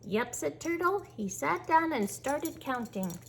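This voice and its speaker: A woman reading a children's picture book aloud, gently and expressively. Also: high voice, sing-song, unhurried, vocal fry, a little hiss or hum.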